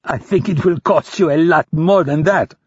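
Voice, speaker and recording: A man's voice: fairly high pitch, moderate pace, breathy edge, dry recording, highs cut off, pitched above the performer's own voice. Man playing a menacing militant captor. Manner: menacing, taunting. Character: cruel mocking male militant captor.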